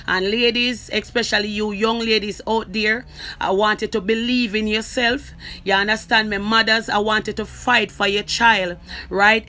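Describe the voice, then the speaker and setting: A Jamaican woman talking straight to camera, emphatic and forceful, who keeps asking "you understand me?". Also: mid-range voice. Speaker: social media creator. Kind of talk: direct-to-camera personal talk.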